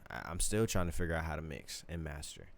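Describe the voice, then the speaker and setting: A man's voice: rumbling low, expressive, quick pace, vocal fry. A young man chatting loosely on a late-night livestream from his home studio, rambling, joking and swearing freely. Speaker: streamer and musician.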